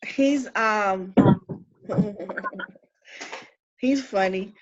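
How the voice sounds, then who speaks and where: Animated woman medium, lo-fi recording. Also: mid-range voice, drawn-out words. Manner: animated, exclamatory, laughs often, relays messages. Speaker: spiritual medium and coach. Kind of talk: live spiritual reading session. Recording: dull lo-fi sound with faint noise.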